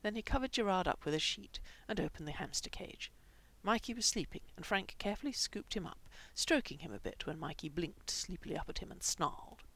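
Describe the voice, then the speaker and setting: A woman reading fan fiction aloud, moving between plain narration and soft whispered asides. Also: lowish voice, brisk, breathy edge. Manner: reads dialogue with lively shifts, dropping to whispers.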